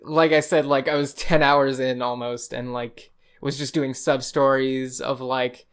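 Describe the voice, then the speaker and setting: A man's voice: mid-range voice, flat delivery, measured pace, hardly any pauses, smooth. A young man co-hosting a podcast in casual chat, rambling and swearing as he retells game scenes with a laugh. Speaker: podcast co-host.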